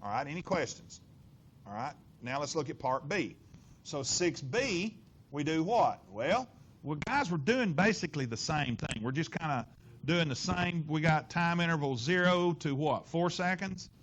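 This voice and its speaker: Middle-aged male physics teacher, lively and questioning, slightly high voice. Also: moderate pace, a little hiss or hum. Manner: animated, lots of rhetorical questions and inflection. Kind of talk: classroom lecture working problems. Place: classroom.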